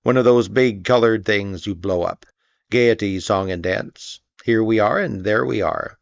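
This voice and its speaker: A man voicing a gloomy old male donkey who talks slowly and mournfully, in a storybook reading. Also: on the low side, vocal fry. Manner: slow, mournful, dry. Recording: dull lo-fi recording.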